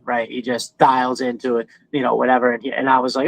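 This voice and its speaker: A man's voice: medium pitch, quick pace, few pauses, dry recording, rough recording. A man from New York with a New York accent, hosting a podcast and telling long, rambling stories in casual chat, swearing freely. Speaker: podcast host.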